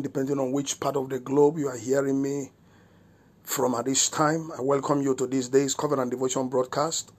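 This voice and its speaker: A man's voice: medium pitch, darkish tone. A man, a pastor delivering a devotional sermon with declared prayers and repeated rhetorical questions. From Nigeria.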